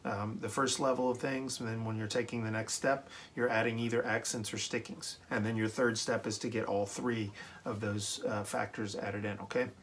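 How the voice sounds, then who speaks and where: A man giving a relaxed, encouraging snare drum lesson, with many ums and okays. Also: fairly low pitch, normal speed, slight background noise. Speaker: drum teacher. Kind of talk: casual instructional talk.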